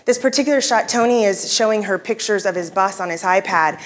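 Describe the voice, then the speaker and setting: Speaking briskly in a mid-range voice, a female keynote speaker addresses a convention hall from the stage. Her storytelling is conversational and peppered with fillers and restarts.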